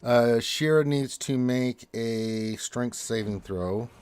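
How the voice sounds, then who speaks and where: A man narrating a tabletop game as dungeon master, describing the action slowly and deliberately. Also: medium pitch, noisy background. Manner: slow, deliberate describing of combat.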